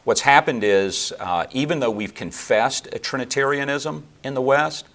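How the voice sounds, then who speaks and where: A man answering interview questions on theology in a measured, lecturing way, with fillers and restarts. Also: mid-range voice, fairly bright tone. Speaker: theologian guest.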